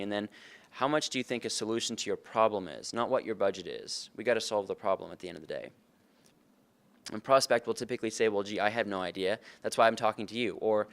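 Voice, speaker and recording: A man's voice: lowish voice, fairly bright tone, clean tone. A man giving a conversational conference talk, earnest and often putting questions to the audience. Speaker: conference speaker. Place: conference room.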